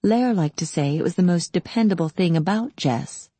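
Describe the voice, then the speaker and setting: A woman narrating an audiobook in a calm, steady storytelling manner. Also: fairly low pitch, moderate pace, slightly rough, no room sound. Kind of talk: scripted narration.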